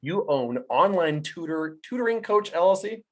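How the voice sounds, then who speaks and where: A man hosting a podcast, welcoming a guest in a relaxed, rambling way full of ums and uhs. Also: sits high, moderate pace, a little hiss or hum. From United States. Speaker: podcast host. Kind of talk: casual interview hosting.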